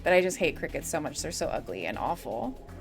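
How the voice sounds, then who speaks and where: A woman's voice: sits low, sing-song, fairly quick, faint music behind. Rambling, giggly young woman streamer. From US Midwest. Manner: rambling, giggly, swears freely. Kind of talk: casual gaming stream chatter.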